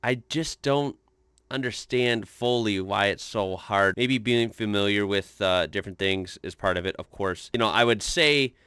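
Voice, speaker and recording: A man's voice: on the low side, normal speed, sharp tone, clean tone, no echo, studio quality. An American man hosting a reaction video, rambling and thinking aloud in casual commentary.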